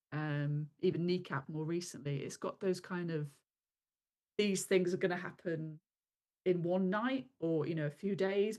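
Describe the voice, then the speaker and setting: A woman reviewing films as a guest in a casual chat, measured and full of fillers and hedging phrases. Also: low-pitched, a little mellow.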